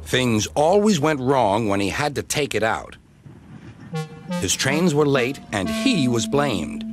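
A man narrating a children's story in an expressive storytelling manner. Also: medium pitch, takes it slowly. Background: background music.

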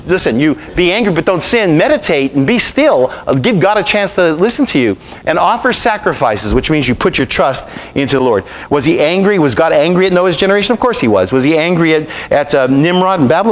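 A pastor preaching a sermon, calling on the congregation to repeat after him and answer. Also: male voice, on the high side.

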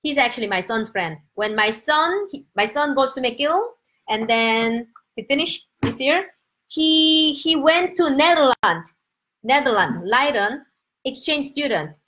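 A middle-aged woman with a Korean accent, a native Korean speaker, chats excitedly on a casual live stream from home. Her voice sits high and leaps up and down with lively energy. She calls out to viewers by name as she talks. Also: unhurried, poor audio.

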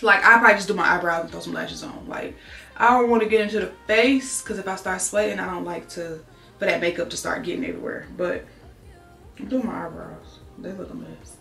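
A woman's voice: lowish voice, a little fast, vocal fry, fairly bright tone, soft background music. A young woman, vlogging from home in a chatty, candid way and talking straight to her viewers. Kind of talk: casual vlog chat. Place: at home, roomy indoor space. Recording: echoey room, distant mic.

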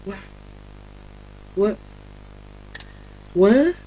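A woman's voice: medium pitch, animated, drawn-out words, dark tone, breathy edge. A woman streamer commenting casually on a horror game, reacting with frustration and panicked repetition. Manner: reactive, exasperated, repeats herself in panic. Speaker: gaming streamer.

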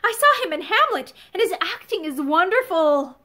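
Brief: modest, dreamy little schoolgirl in a storybook, high bright voice, read by a woman. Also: sing-song, moderate pace, exaggerated voice. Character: shy, dreamy small teenage schoolgirl.

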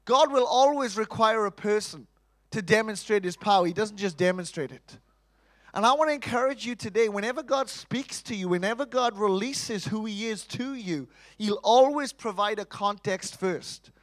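A man preaching a sermon in church, animated, asking rhetorical questions and acting out quotes. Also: high voice, moderate pace.

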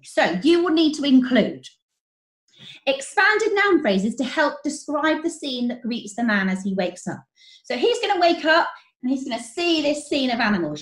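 A woman teacher, explaining writing step by step in an online lesson, clearly and encouragingly. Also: sits high. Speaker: primary school teacher. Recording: roomy echo.

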